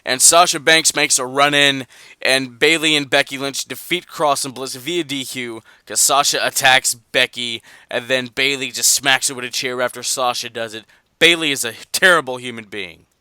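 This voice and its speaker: Excitable male co-host with a bright, crisp voice and a dry close mic. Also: mid-range voice, normal speed, no room sound. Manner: excitable, reads listener messages aloud. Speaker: podcast co-host. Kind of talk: casual wrestling podcast chat.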